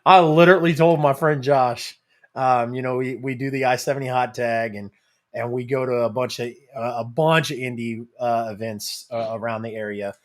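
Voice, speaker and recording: A man, a father, co-hosting a podcast in casual chat, talking in halting starts with many fillers. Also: mid-range voice, fairly even intonation. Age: adult. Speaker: podcast co-host.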